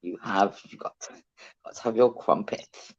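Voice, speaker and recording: A British co-host with a low voice chats cheekily at an ordinary pace on a fishing livestream, spinning stories and mimicking what other people said. The audio is muffled and lo-fi, like a call.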